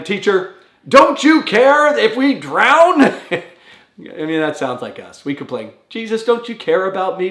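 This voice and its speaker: A man speaking as a pastor in a short devotional talk, earnest and conversational, acting out quoted prayers with rising pitch. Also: roomy sound.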